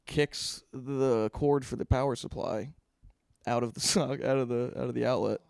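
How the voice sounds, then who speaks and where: A young man with a Philadelphia-area accent, co-hosting a podcast and telling stand-up stories in an animated way, laughing often. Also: medium pitch, moderate pace, vocal fry, no room sound. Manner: animated, laughs often, acts out quotes in a raised voice. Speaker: podcast co-host. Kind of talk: casual storytelling chat. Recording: dry close studio mic.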